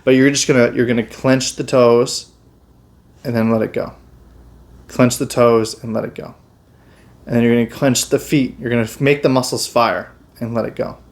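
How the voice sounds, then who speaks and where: A man, a chiropractor, explaining meditation and breathing techniques in a relaxed, casual way, with many fillers and restarts. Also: medium pitch, moderate pace, long pauses. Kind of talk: casual health instruction.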